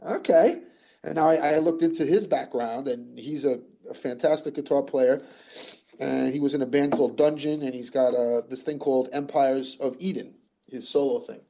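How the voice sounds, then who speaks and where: A man's voice: medium pitch, fairly even intonation, moderate pace, vocal fry, warm tone, dull audio. An older man telling stories in a casual interview, rambling with lots of "you know" and restarts. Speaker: guest musician.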